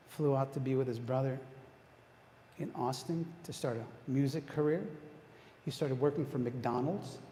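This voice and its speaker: A man's voice: mid-range voice, dark tone. A man giving a retreat talk, preaching to a congregation, quizzing his listeners and often restarting his sentences. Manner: engaging, quizzes the audience, frequent restarts. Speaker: retreat speaker. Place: church hall. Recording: long hall reverb, faint background noise.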